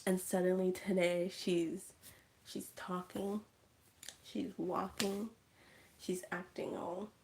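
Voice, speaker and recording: Slow-talking woman recapping a movie. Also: lowish voice, a little hiss or hum. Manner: animated, chatty, acts out scenes, drops to whispers. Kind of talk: casual storytelling livestream.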